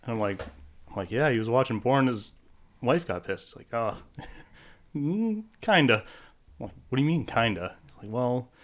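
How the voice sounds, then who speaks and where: A man's voice: medium pitch, animated, moderate pace, long pauses. A man co-hosting a podcast, telling a story casually with lots of fillers. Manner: rambling anecdotes with many fillers. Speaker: podcast co-host. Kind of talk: casual chat.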